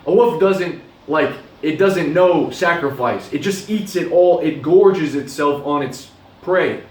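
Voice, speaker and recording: A young man gives an earnest, urging motivational monologue in a fairly high voice, speaking casually and swearing now and then. He sits back from the mic, so the sound is distant and echoes around the room. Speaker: motivational vlogger.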